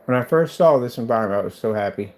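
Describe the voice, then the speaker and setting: Excited man, casual vlogger, veers into fervent preaching, mid-pitched voice. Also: faint music behind. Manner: fast, excited, with religious exhortation. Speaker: vlogger showing his studio build.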